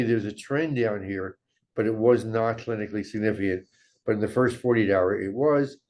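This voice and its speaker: Older male lecturer, mid-pitched voice, steady and measured, presenting research slides. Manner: measured, walks through slides and study data. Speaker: medical lecturer.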